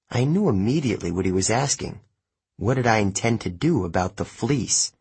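Male narrator for an audiobook, low husky voice, measured delivery. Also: lively intonation, a little mellow.

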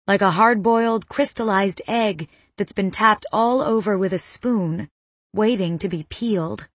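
A woman reading a first-person novel as an audiobook narrator, in a measured, suspenseful manner on a close mic. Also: medium pitch, no room sound.

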